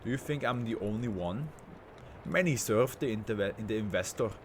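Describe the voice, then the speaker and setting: A man plays an arrogant tycoon reduced to a brain in a jar. He talks down to everyone in grand, scornful phrases, in a fairly low voice. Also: normal speed, a little hiss or hum, natural voice. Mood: haughty. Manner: pompous, grandiose and contemptuous.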